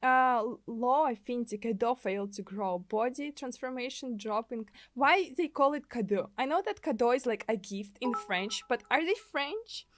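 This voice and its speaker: A young woman from Russia with a Russian accent, chatting with viewers in an excitable, giggly way while streaming a game from a desk mic. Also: a little high, normal speed, few pauses, dry recording. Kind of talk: casual gameplay livestream.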